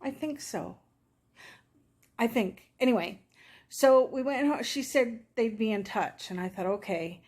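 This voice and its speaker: A middle-aged woman chats to camera, telling a personal story in a rambling, emotional way and acting out what people said. Her voice is fairly high and a little mellow, with a measured pace and long pauses.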